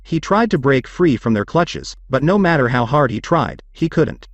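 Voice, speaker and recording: Male narrator for a scripted story read, lively, steady, dry close mic. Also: medium pitch, moderate pace, few pauses, no echo, muffled recording.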